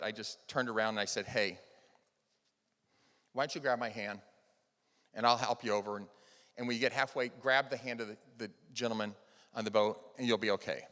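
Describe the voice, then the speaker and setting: Brief: male conference speaker, mid-pitched, earnest motivational storyteller, big hall reverb. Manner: earnest storytelling, swings between loud emphasis and soft hushed lines. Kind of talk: motivational keynote talk. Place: large event hall.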